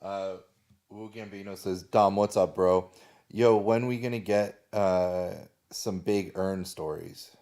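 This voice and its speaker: Low-voiced male co-host, off-mic, reads viewer comments with fillers. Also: steady tone, slow, a little mellow.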